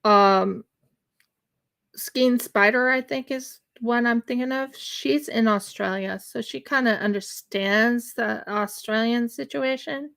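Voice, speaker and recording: A woman's voice: on the high side, takes it slowly, creaky, a bit bright. A woman hosting her craft livestream, chatting casually and rambling with many fillers and restarts. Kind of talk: casual chat while crocheting on a livestream. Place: home in winter.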